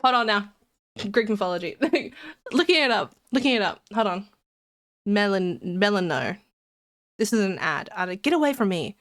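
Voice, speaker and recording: A woman's voice: medium pitch, sing-song, moderate pace, long pauses, a bit bright. A woman streamer chatting casually to her viewers, rambling and giggly, while sick with a cold. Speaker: live streamer. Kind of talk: casual live-stream chat.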